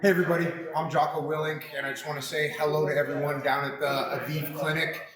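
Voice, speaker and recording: A man giving a direct, brisk thank-you message. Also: fairly high pitch, little pitch movement, echoey room, a crowd in the background, low-quality recording. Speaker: guest giving a video message.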